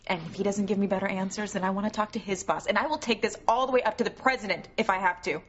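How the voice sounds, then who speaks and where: A woman's voice: mid-range voice, quick pace, close to an everyday voice. An actress playing a defiant woman in protective custody, talking in an insistent, confrontational way. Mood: indignant. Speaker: soap opera character. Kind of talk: daytime soap acting. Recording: dull TV audio under music.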